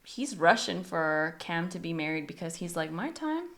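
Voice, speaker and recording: A woman co-hosting a casual book podcast, talking in a relaxed, agreeable way and now and then quoting characters. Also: lowish voice, moderate pace. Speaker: podcast co-host.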